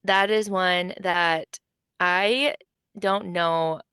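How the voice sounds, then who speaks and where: A young adult woman co-hosting a casual book podcast, telling stories with lively acted-out quotes. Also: drawn-out words, clear, resonant tone, no room sound. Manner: animated storytelling, acts out quotes with big pitch jumps. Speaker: podcast co-host. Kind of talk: casual chat.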